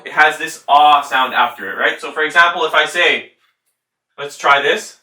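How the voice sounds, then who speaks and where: A male Quran recitation teacher giving a tajweed lesson, patiently demonstrating letter sounds slowly and repeating them. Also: a little high, bright, forceful tone. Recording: roomy sound from a distant mic.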